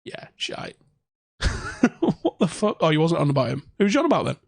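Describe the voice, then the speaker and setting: A man's voice: fairly high pitch, wildly swooping pitch, a little fast, gravelly, no echo. A young man hosting a casual fan livestream from home, ranting and swearing sarcastically. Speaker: fan channel host.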